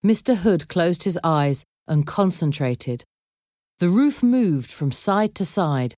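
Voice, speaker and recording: A woman reading a children's storybook aloud in a clear, measured storytelling voice. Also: lowish voice, animated, mellow, dry recording, clean studio sound. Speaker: narrator.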